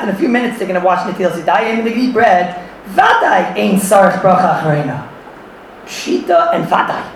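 A man giving an animated Torah class to a room full of listeners, mixing in Yiddish and Hebrew terms and often laughing as he talks. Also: high voice, slight background noise. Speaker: Torah teacher. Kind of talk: lively halachic class. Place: room with audience. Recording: echoey room, far from the mic.

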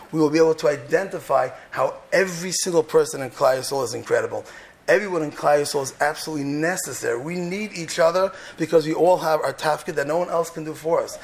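Man, gravelly, slightly high voice; Torah teacher preaching with passion, loud questions then hushed asides. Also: slight background noise. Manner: impassioned, swings from loud rhetorical questions to soft, hushed lines; peppers English with Hebrew and Yiddish terms. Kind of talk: sermon on the weekly Torah portion.

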